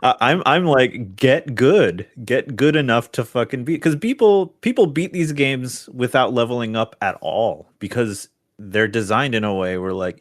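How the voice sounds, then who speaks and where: A man co-hosting a casual video game podcast, telling a story with lively quoted voices. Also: fairly low pitch, dry recording, clean studio sound. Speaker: podcast co-host. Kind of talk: casual chat.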